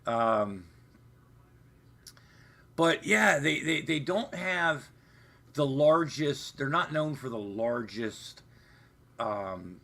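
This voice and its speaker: Gravelly-voiced man rambling on a livestream. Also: medium pitch, pushed and bright. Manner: rambling, profane, meandering. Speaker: livestream host. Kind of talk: rambling live-stream chat. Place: home, off camera.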